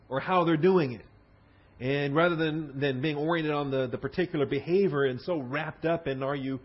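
A man's voice: a little high, husky, lo-fi sound. A man teaching a verse-by-verse sermon as a Bible teacher, repeating key words for emphasis and often restarting his sentences.

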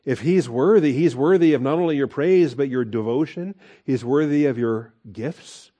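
A man's voice: mid-range voice, moderate pace, few pauses, mellow, highs cut off. A male pastor preaching a sermon in a conversational way, with fillers and rhetorical questions.

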